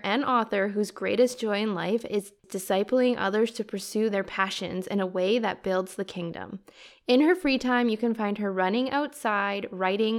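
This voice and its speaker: A woman hosting a faith-based podcast, introducing her guest in an enthusiastic, gushing, conversational way. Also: mid-range voice. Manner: faith-filled, prayerful phrasing. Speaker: podcast host. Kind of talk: solo podcast intro, casual chat.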